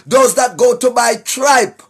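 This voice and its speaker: A Jamaican man giving a preachy monologue to his viewers, emphatic, often shouting, tagging his points with questions. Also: very high-pitched, a little slow, creaky, husky. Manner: emphatic, often shouting, tags lines with "right?". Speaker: online commentator.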